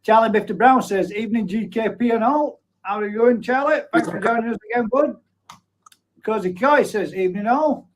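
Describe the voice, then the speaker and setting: A man's voice: high-pitched, brisk, slight background noise, low-quality recording. A man in his forties hosting a live stream, chatting casually and reading out viewer comments, blunt, with offhand swearing and frequent laughs. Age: 40s.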